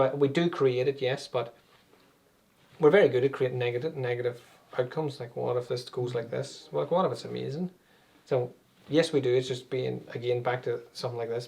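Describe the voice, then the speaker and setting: A man's voice: mid-range voice, steady tone, brisk, vocal fry, a little mellow. A man, an anxiety and meditation coach, explaining things conversationally with everyday examples as an interview guest.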